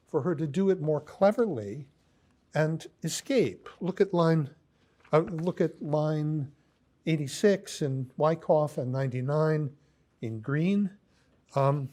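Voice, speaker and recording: A man giving a philosophy lecture, pausing often with ums and restarts as he reads quoted lines aloud. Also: on the high side, darkish tone. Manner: halting, many ums and restarts.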